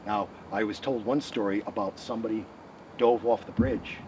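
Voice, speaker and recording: A man who researches the paranormal, telling ghost stories in an animated interview outdoors by a rural road. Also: lowish voice. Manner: animated, quick storytelling. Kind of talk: storytelling interview. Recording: distant mic, outdoor traffic noise.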